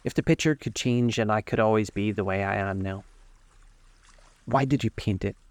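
A man voicing an anguished, vain young man in a storybook reading, his voice pitched up and pleading. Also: normal speed, dry recording, lightly acted. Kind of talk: audiobook character voice.

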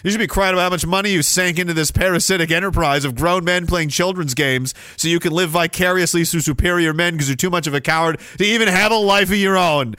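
A man's voice: sits high, fast, hardly any pauses, pushed and bright, no echo, clean studio sound. A man hosting a podcast, ranting in a sneering, mocking way. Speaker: podcast host. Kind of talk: ranting commentary.

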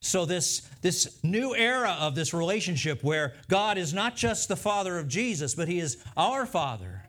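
A man's voice: sits high, sing-song, moderate pace, fairly bright tone. Earnest man preaching a sermon. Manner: earnest, repeats phrases for emphasis. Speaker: pastor.

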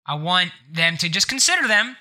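Stuffed up guy hosting a podcast, super bright edgy voice, jokey and rambling. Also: high-pitched, sing-song, moderate pace. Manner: joking, sarcastic, rambling. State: congested nose. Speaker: podcast host. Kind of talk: casual podcast chat.

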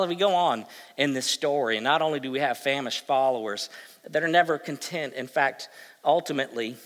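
Animated preacher man in an echoing hall. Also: mid-range voice. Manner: swings from hushed to loud and emphatic. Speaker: pastor. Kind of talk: sermon.

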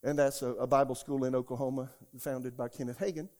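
A man, preaching a sermon as a pastor. He tells stories from his own life and shouts out the lines he quotes. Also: medium pitch, steady tone, brisk. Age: 60s. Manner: storytelling, rising to shouts when quoting God.

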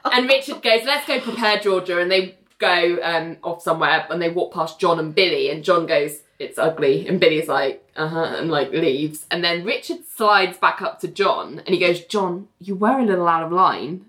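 A woman's voice: on the low side, normal speed, few pauses, a bit bright. A woman co-hosting a casual recap chat, retelling scenes and acting out the quotes. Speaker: podcast co-host.

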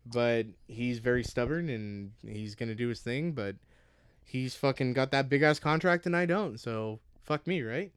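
A man's voice: medium pitch, moderate pace, clear, resonant tone, no room sound. A young American man co-hosting a podcast, ranting heatedly and swearing constantly. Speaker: podcast co-host. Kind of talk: casual profane rant.

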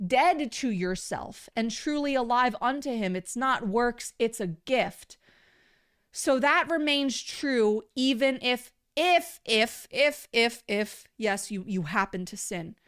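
A woman leads a livestreamed Bible teaching, earnest and conversational, and she repeats key words to drive them home. Her voice sits a little high and comes across smooth and clean. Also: lively intonation, takes it slowly.

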